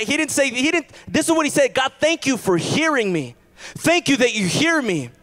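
Very high-voiced male pastor preaching. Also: fairly bright tone. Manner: preaching with repetition and rising calls. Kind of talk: sermon. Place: church service.

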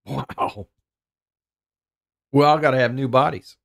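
A man's voice: mid-range voice, lively intonation, a little slow. A middle-aged man preaching a sermon as pastor, earnest and thinking aloud, often repeating words as he goes.

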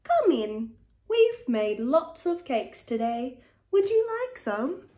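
A kind storybook neighbour invites a guest in with a lively, rising voice, as a woman reads her. The sound is roomy and echoing. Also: high voice, slow pace, pitched above the performer's own voice, heavily acted. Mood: inviting.

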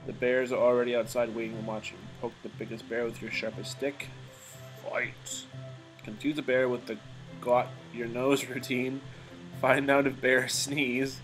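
A man's voice: mid-range voice, a bit bright, low-quality recording. A man playing a game, reading its text aloud with casual, joking commentary and the odd swear. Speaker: gamer.

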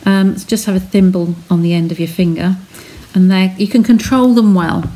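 A woman's voice: mid-range voice, steady tone, normal speed, mellow. A woman chatting as she talks viewers through a craft technique step by step on a live stream from her home studio. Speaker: craft demonstrator.

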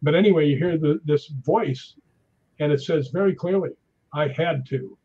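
A man with a fairly high, husky voice spins ghost-hunting anecdotes in a relaxed chat, slipping into the voices of the people in his stories. The sound is dull and lo-fi, as if over a call. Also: moderate pace. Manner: animated anecdotes with acted-out quotes. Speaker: guest. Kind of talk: casual storytelling chat.

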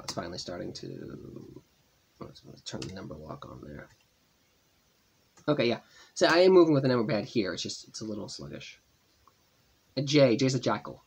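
Husky, chatty man narrating gameplay. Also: medium pitch. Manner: chatty, rambling, thinking aloud with restarts. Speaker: gaming channel host. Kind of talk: casual gameplay commentary. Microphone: tablet gameplay voice-over.

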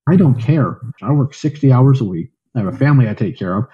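A man's voice: medium pitch, expressive, quick pace, warm tone, lo-fi sound. A man scolding someone with contempt during a voice call. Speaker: voice call participant. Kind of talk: angry lecture in a voice call.

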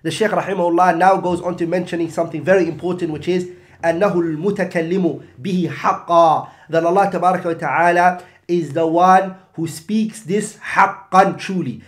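Man, religious teacher, somewhat high voice, measured explaining, rhetorical questions. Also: fairly even intonation. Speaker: Islamic studies teacher. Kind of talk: explaining a religious text in English with Arabic terms.

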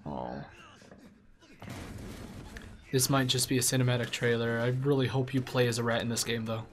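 A man reacting casually to game trailers, profane, excitable and joking. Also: medium pitch, moderate pace, slight background noise. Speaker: gaming video reactor. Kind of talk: casual live reaction commentary.

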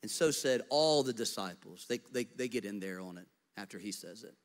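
A man preaching a sermon as pastor, animated in storytelling and dropping to soft, intimate tones. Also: on the low side, brisk.

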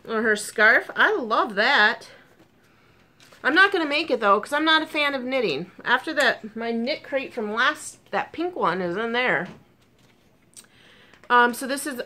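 Bright, chatty woman crafter. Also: on the high side. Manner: chatty and gushing, with frequent ums and excited asides. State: sore burnt tongue. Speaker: crochet vlogger. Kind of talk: casual chat.

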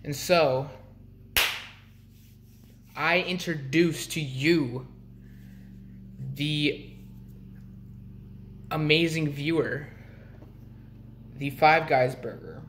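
A young man talking casually to his vlog viewers, rambling with restarts and frequent throat clearing. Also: fairly high pitch, very slow, pauses often, fairly bright tone, slight background noise. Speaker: vlogger.

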